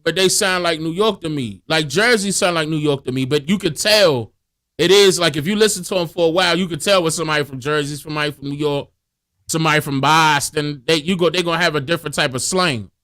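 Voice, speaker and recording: A man talking casually in heavy slang, explaining his views at length in a relaxed way. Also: on the high side, fast. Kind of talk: casual conversation.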